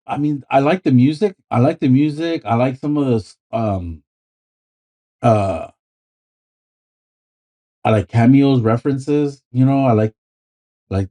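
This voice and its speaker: A man's voice: mid-range voice, mellow. A man co-hosting a podcast in casual chat, rambling with many ums and swearing freely. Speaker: podcast co-host.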